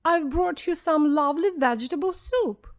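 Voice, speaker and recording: A woman voicing a greedy male wolf in a storybook, huffy and sly, sometimes faking a soft squeaky voice. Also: moderate pace.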